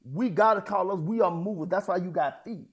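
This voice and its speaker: A man preaching a sermon in a folksy, conversational way, swinging between hushed asides and loud outbursts. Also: high voice, normal speed, slightly rough. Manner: folksy, addresses congregation as y'all, child, honey. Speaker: apostle preaching.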